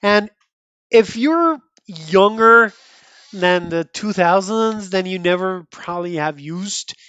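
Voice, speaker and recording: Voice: mid-range voice, lively intonation, takes it slowly, a bit bright, smooth, dry recording. Chatty comic book podcast host. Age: 30s or older. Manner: chatty, rambling, frequent restarts and laughs. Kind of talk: casual commentary reviewing a comic.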